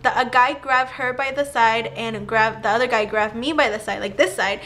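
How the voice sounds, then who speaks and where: A young woman vlogger telling a personal story in a casual, animated way, full of "like" and acted-out quotes. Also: a little high, normal speed, a little hiss or hum. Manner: animated retelling with filler "like", acting out quotes.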